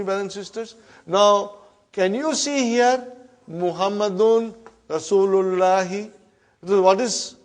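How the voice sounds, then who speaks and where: Middle-aged male teacher, high voice, unhurried, repetitive classroom drilling. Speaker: Arabic teacher. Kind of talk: classroom grammar lesson.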